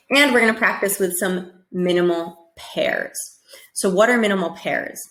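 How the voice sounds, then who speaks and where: A woman's voice: on the low side, a bit bright. American woman, pronunciation teacher, patient and repetitive, echoey room. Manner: patient, repeats sounds slowly and checks in with "okay?". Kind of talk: instructional lesson.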